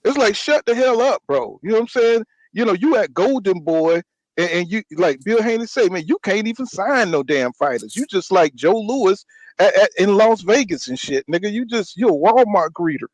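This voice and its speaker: A man's voice: high-pitched, lively intonation, normal speed, no room sound, poor audio. A man hosting a boxing talk show, ranting in casual slang and often saying "you know what I'm saying.". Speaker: podcast host.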